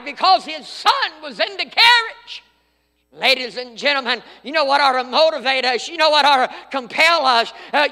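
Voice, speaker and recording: A middle-aged man delivers a fervent sermon in a church sanctuary. His voice sits very high and rings bright and forceful. The hall gives it a long, trailing reverb. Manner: fervent preaching, swings from loud to hushed. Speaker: preacher.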